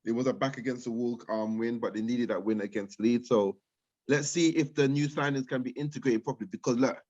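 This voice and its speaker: A man's voice: medium pitch, steady tone, a little fast, a little mellow. Hesitant man on a dull call line. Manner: hesitant, repeats words as he thinks. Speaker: co-host of a football chat show. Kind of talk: casual football chat.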